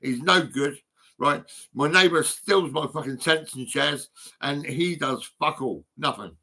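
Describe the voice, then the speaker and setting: An older man holds forth in an angry, profane rant, piling up insults and tag questions. His voice sits a little high and comes out sharp and tense. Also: measured pace. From United Kingdom. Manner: bitter, swearing, repetitive with tag questions. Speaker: vlogger.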